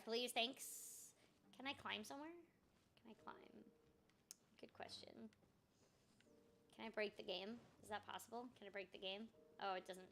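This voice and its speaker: A woman's voice: medium pitch, fairly even intonation, moderate pace, gravelly, long pauses, a bit bright. A young woman voice actor chatting casually while playing a game, muttering to herself and joking about her own confusion. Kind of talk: casual gameplay chat.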